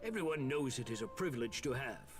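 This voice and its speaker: An actor playing a jovial, portly middle-aged noble and former royal bodyguard, speaking in a booming, theatrical storyteller's manner. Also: male voice, animated, fairly quick, faint music behind, natural voice. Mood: boastful. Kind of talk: video game voice acting.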